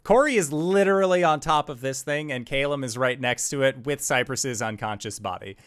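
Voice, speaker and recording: A man's voice: medium pitch, moderate pace, a bit bright, clean tone, dry recording, clean studio sound. A man narrating as game master of a tabletop game, giving matter-of-fact rulings.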